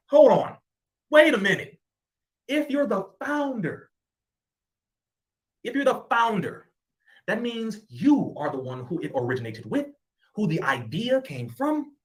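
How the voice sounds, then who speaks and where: A man's voice: high voice, a bit bright. A man giving an impassioned address to camera, emphatic, sarcastic and repetitive. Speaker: commentator.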